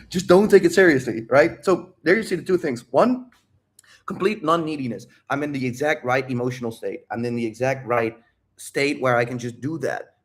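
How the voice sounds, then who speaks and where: A man coaching on dating in a live Q&A, talking casually with lots of swearing, tangents and self-interruptions. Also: medium pitch. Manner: profane, animated, rambling with self-interruptions. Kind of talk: casual livestream talk.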